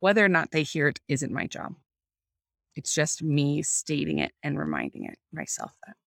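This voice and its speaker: Speaking as a guest over a video call, a woman earnestly reflects on faith and parenting, groping for words as she thinks aloud. Her voice is low and gravelly, her pitch swoops wildly, and her pace is moderate. The studio-quality audio carries no room sound.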